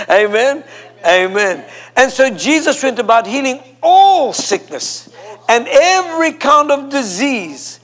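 With big swings in pitch and a slow pace, a man whose voice is very high and a bit bright preaches a sermon in church. He stresses his message through repetition and leads the congregation in call and response.

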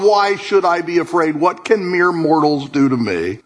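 A husky, slightly high-pitched man preaching a sermon. He moves between low, quiet murmurs and sudden high, emphatic bursts. He speaks to a congregation in a church hall. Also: animated, slow pace. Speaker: pastor.

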